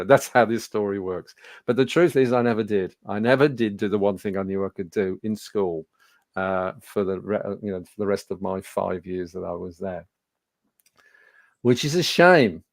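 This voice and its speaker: A man in his sixties from England, giving a webinar talk as a presenter and telling personal stories in a conversational, animated way with fillers. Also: lowish voice, dry recording. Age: 60s. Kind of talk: storytelling presentation.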